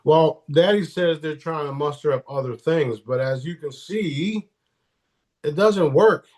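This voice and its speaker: A man's voice: on the high side, unhurried, darkish tone. A man speaking as a guest in a casual live-stream interview, blunt and profane, often restarting his sentences.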